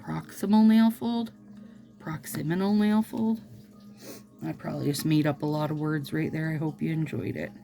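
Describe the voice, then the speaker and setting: A woman's voice: deep voice, fairly quick, creaky, hardly any pauses, dark tone, soft background music. A woman chatting casually to her viewers while doing her nails, rambling and playful with asides. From Minnesota. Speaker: nail vlogger. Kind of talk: casual chat to camera while applying nail strips.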